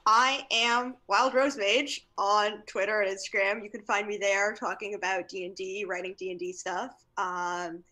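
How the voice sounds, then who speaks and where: A woman guest at a tabletop game introducing herself casually, upbeat and brisk. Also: medium pitch, pushed and bright. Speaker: guest player.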